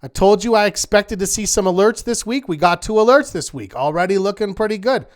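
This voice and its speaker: A man's voice: high voice, animated, brisk. A man hosting a live online trading class, upbeat and encouraging, working through rhetorical checklists of questions for his students. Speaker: trading instructor hosting a weekly market wrap.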